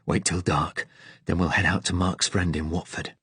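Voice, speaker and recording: A gruff young Yorkshireman, played by the narrator, shaken but protective, who speaks low and impatiently. His voice is deep and husky, recorded dry and close. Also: little pitch movement, moderate pace, a bit bright, no echo, full character voice. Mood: urgent.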